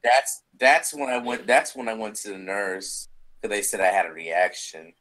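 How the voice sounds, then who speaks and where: A man's voice: on the low side, lively intonation, moderate pace, a bit bright, low-quality recording. A young man co-hosting a podcast, telling work stories in a loose, rambling way, repeating himself and swearing casually. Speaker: podcast co-host. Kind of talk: casual chat.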